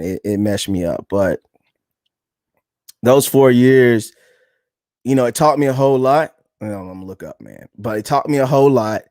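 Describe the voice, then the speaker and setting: A man's voice: medium pitch, normal speed, pauses often, darkish tone, no echo, studio quality. A man in his thirties, a podcast co-host, telling a personal story in a casual, earnest and reflective way, often calling the listener "man".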